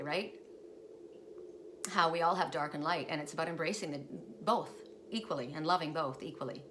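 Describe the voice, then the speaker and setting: Woman card reader, casual and rambling, home recording with clear background noise. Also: fairly low pitch. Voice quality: rambling, chatty, with frequent restarts. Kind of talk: casual spiritual card reading.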